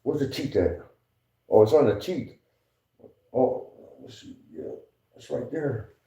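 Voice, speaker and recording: A man's voice: mid-range voice, lively intonation, measured pace, warm tone. Slangy man, echoey dull recording. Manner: slangy, profane, laughs often, mimics others. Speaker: podcast guest telling prison stories. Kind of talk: casual storytelling. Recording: echoey room, dull lo-fi sound.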